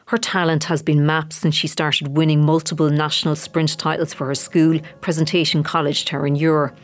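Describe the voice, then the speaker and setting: A reporter narrating a scripted sports feature in a measured news voice-over. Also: medium pitch, flat delivery. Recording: voice-over with faint music.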